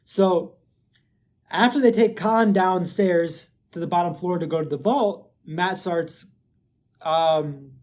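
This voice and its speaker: A man's voice: high-pitched, takes it slowly. A man casually recapping a TV episode, rambling with lots of filler words and swearing. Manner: gets excited and loud when hyping. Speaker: show recap host.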